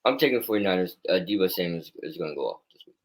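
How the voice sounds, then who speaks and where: A man with a fairly low voice co-hosts a loose football picks chat. He is blunt and excitable, and he trash-talks players as he goes. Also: very fast, low-quality recording. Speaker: co-host. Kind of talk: casual sports picks chat.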